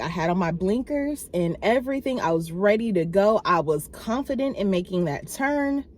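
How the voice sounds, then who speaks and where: A woman vlogger telling a personal story to camera in a casual, animated way, acting out quoted exchanges. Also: slight background noise. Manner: animated, acts out quoted exchanges with big pitch jumps; many fillers and restarts, talks to viewers directly.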